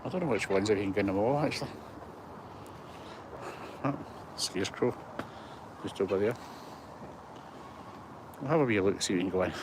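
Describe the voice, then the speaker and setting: A Scottish man in his late sixties, rambling and chatty, films himself outdoors on a handheld phone. His voice sits a little low, with clear outdoor noise around him. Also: moderate pace, pauses often. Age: 60s. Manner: chatty, rambling, self-deprecating. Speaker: vlogger. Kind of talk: casual walking tour vlog. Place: outdoor heritage museum grounds. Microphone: handheld phone on gimbal.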